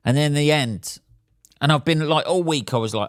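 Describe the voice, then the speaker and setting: A man, a podcast host and stand-up comedian, ranting casually and swearing, swinging between loud outbursts and mutters. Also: fairly high pitch, brisk, dry recording, studio quality. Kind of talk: casual solo podcast rant.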